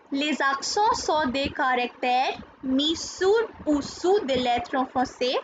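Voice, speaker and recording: A woman gives a patient, unhurried lesson in a high voice, saying each word and then repeating it. She spells things out carefully. The recording is dull and lo-fi with a faint hiss behind her. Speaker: French teacher. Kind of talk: slow classroom explanation.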